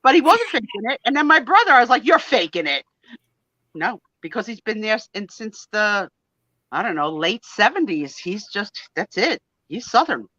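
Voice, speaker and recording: A woman's voice: mid-range voice, normal speed, dry recording. A middle-aged woman, telling stories in a casual chat on a video call. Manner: chatty, storytelling, animated. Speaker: guest on a live sale chat. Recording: dry, dull lo-fi call audio.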